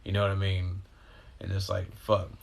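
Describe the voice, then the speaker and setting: A man's voice: deep voice, completely flat delivery, moderate pace, creaky. A man talking in a meandering, profane, emotional stream of consciousness, in a casual spiritual monologue. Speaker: host.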